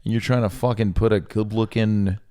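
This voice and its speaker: A man's voice: on the low side, fairly even intonation, a little fast, warm tone, smooth. A young man co-hosting a podcast, ranting in a heated, profane way in casual chat. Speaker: podcast co-host.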